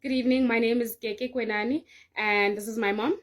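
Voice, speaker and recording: A woman making a formal, halting application pitch that is full of fillers. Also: steady tone. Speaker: prankster daughter, applicant.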